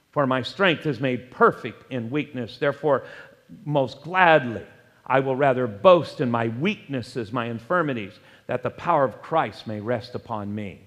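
A man preaching a sermon as pastor, emphatic, with wide swings between loud, raised phrases and low, quiet ones. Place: church sanctuary. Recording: long hall reverb.

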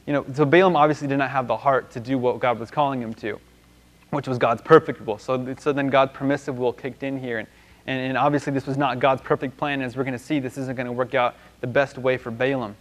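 A man's voice: medium pitch, fairly even intonation, a little fast. A man teaching a Bible lesson in a loose, conversational way, with many restarts and fillers.

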